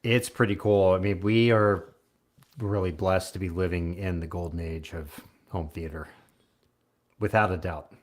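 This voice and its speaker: A man's voice: low voice, steady tone, a little slow. A man hosting a casual podcast chat, giving short, easygoing replies.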